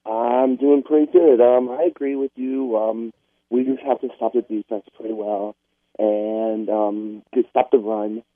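A man's voice: medium pitch, steady tone, measured pace, no room sound. Male caller, easygoing, phone-line sound. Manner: casual, filler-heavy. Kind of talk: call-in sports chat.

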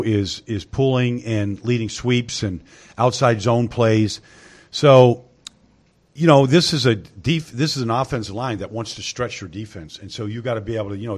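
A man at an everyday middle pitch explaining football tactics in a relaxed sports talk segment. He talks at length, often pausing to say "I mean" before the next point. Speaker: football analyst. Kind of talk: casual sports discussion.

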